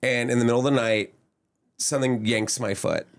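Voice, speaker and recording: A man's voice: medium pitch, steady tone, a little fast. A man hosting a podcast, telling stories and teasing his guest in a playful, jokey way. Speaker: podcast host. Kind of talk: casual chat.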